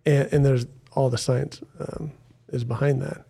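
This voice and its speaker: A man's voice: medium pitch, little pitch movement, measured pace, gravelly, dark tone, slightly rough. A man as a podcast guest, upbeat and jokey, speaking in a studio. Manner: upbeat, jokey, quotes other people. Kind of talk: casual podcast chat. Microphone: studio headphones and mic.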